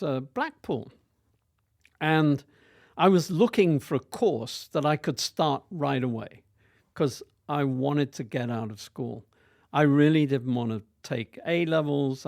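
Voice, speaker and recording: Gravelly, slow-talking older man. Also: medium pitch, no echo, clean studio sound. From near Manchester, England. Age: about 60. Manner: hesitant, with many fillers and restarts. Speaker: hotel group chief executive, guest. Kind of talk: reminiscing storytelling.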